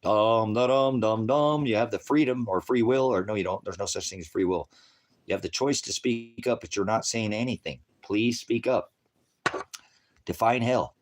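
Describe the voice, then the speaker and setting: A man in his sixties rambling through a live-stream monologue, cursing freely and swinging between low mutters and loud rants. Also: normal speed, slight background noise. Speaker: livestreamer.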